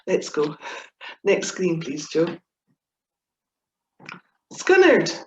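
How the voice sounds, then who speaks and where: Scottish woman presenting a talk; chatty, giggly, playful asides; low-ish voice; echoey, dull video-call sound. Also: normal speed, darkish tone, a little hiss or hum. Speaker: webinar speaker on Scots humour.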